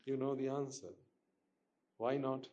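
A man's voice: mid-range voice, flat delivery, measured pace, dark tone, muffled recording. A man giving a Buddhist dharma talk to listeners, questioning them and repeating his points for emphasis. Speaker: Buddhist teacher.

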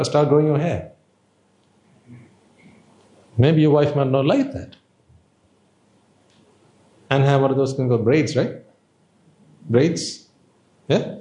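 Mellow-voiced man giving an informal teaching. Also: medium pitch, reverberant. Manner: conversational, rhetorical questions, playful asides. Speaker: Buddhist teacher. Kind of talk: informal dharma talk.

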